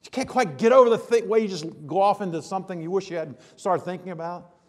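A man preaching a sermon as a pastor, in a conversational style that swings between hushed asides and loud emphasis. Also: high voice, fast talker, in a large hall. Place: church sanctuary.

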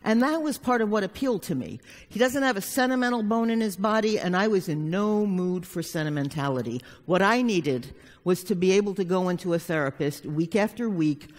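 With a medium pitch and expressive, slightly fast delivery that hardly pauses, a woman therapist shares a personal story live. Her manner is frank and plain, with a curse here and there, echoing through a conference hall with long reverb.

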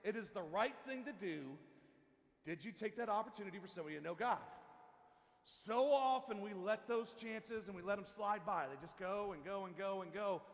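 Pastor guy preaching, high voice, loose and rambly with lots of restarts, big church echo. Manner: casual, halting, with many restarts and asides. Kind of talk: sermon. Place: church sanctuary.

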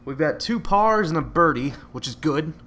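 A man giving live, joking commentary over a video game, with excited outbursts at each shot. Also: a little high, moderate pace, soft background music. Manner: excitable, joking, bursts out at shots. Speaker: gameplay commentator.

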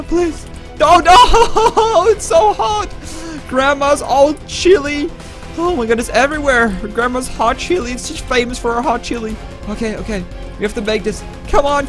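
Very high-voiced panicky gamer man. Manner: panicky and stammering. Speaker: gaming YouTuber. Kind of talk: gameplay commentary.

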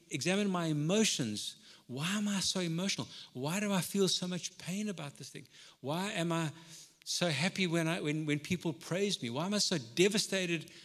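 A male pastor delivers his sermon in an easy, conversational manner, now rising and pressing, now dropping almost to a hush. His voice sits a little high for a man. The hall around him adds a long, lingering reverb. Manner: conversational preaching, swings between loud and soft. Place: church hall.

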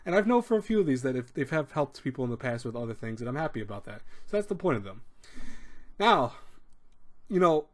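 A man hosting an advice talk, speaking casually and rambling, with restarts and little acted-out quotes. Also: medium pitch. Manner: rambling, repeats words, acts out quoted speech. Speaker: advice show host.

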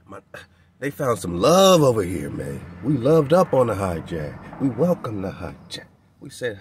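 A man's voice: on the low side, wildly swooping pitch, a little slow, a little hiss or hum. A man hosting a radio show, giving a preaching-style spiritual monologue in loose street slang, emphatic and repetitive, often ending phrases with "man". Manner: loose street slang, chuckles between points.

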